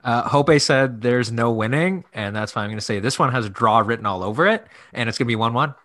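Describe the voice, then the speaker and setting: Bright-voiced man on goofy tangents. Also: mid-range voice, fast talker. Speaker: podcast co-host. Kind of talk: casual sports chat.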